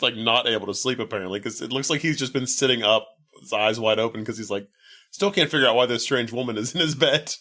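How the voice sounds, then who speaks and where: A man co-hosting a podcast, casually retelling a film plot with lots of fillers and pitching up when he quotes characters. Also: pushed and bright. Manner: rambling, filler-heavy retelling, lifts his pitch for quoted lines. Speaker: podcast co-host. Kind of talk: casual movie recap chat.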